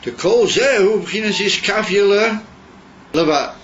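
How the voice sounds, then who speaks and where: A man giving a yeshiva class lecture, mixing English with Yiddish and Hebrew terms and pausing often with fillers. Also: high voice, fairly bright tone. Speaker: Torah teacher. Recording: dull lo-fi class recording with faint noise.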